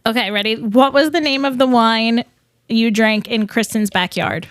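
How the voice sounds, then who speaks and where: Brisk woman quizmaster, higher voice. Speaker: podcast producer running trivia. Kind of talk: quizzing hosts casually. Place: podcast studio.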